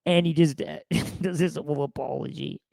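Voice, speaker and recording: A man's voice: a little high, moderate pace, creaky, no echo. A man co-hosting a podcast, telling a funny story in casual chat, laughing often and acting out bits of it. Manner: animated storytelling with frequent laughter and acted-out quotes. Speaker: podcast co-host.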